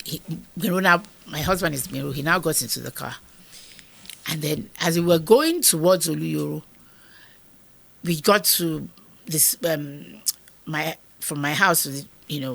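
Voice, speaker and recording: With a deep, unhurried, gravelly voice that is still a bit bright, a Nigerian woman in her fifties shares an emotional story from her own life in an interview. She retells it vividly, performing each line of dialogue.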